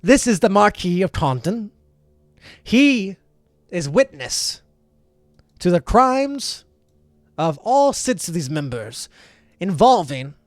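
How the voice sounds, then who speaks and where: A man's voice: high voice, big pitch swings, slow pace, pauses often, no room sound, pitched above the performer's own voice, exaggerated voice. A man voicing a contemptuous, scheming male devil prosecutor with a sneering, formal manner. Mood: formal accusing. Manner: sneering, raised, cold formality.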